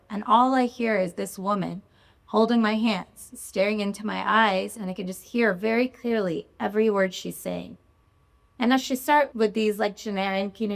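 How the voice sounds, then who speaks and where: A woman's voice: mid-range voice, gravelly. A woman physician performing a live story, emotional, confessional and vivid.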